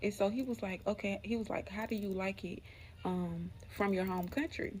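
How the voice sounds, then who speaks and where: Speaking at an ordinary pace in a medium, fairly even voice, a young channel host from Alabama shares a true scary tale directly with her audience over a faint hiss or hum. She's talkative, says y'all, and lowers her voice when things get eerie.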